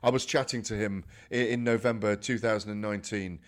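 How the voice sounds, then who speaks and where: A man's voice: lowish voice, brisk. A man co-hosting a sports radio show, chatting animatedly about fights and telling stories. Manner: animated, storytelling, emphatic. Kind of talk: casual sports chat.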